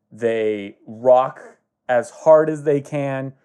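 Man, slow deliberate improv storyteller, mellow tone. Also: mid-range voice. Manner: slow, halting narration with many pauses.

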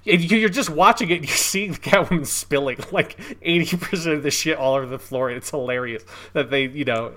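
A man co-hosting a film podcast, talking in a relaxed, chatty way with fillers and some swearing. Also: medium pitch. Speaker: podcast co-host. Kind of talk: casual film discussion.

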